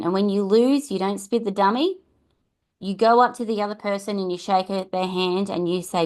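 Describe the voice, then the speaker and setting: A middle-aged Australian woman talks through parenting advice in a casual, earnest way. She restarts her sentences and tags them with quick questions to the listener. Her pitch sits in an ordinary middle range for a woman. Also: steady tone, darkish tone. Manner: chatty, earnest, repeats and restarts, tag questions. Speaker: podcast host and parenting coach.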